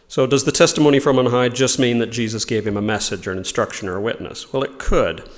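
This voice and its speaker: A man's voice: mid-range voice, quick pace, long reverb tail. A man giving an informal religious lesson, explaining ideas in a thoughtful way and reading quotations aloud. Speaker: religious teacher.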